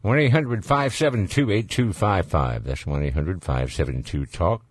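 A man's voice: low-pitched, normal speed, slightly rough, dry recording. A man hosting a call-in radio show, chatting casually with callers in an easygoing, joking way and chuckling often.

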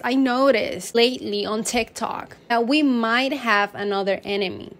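A woman's voice: a little high, normal speed, music in the background. A woman telling a made-up history in a mock-serious, dramatic way, now and then laughing at herself.

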